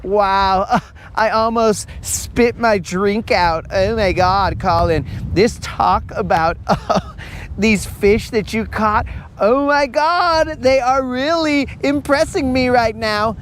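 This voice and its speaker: Man playing a swooning young woman, high-pitched, breathless giggles. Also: slow pace, fairly bright tone, slight background noise. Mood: gushing.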